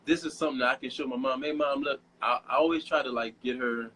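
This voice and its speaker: A man's voice: medium pitch, quick pace, husky, poor audio. Giddy young man telling stories, laughing. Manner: giddy, laughing, animated storytelling. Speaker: guest model. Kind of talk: casual interview chat.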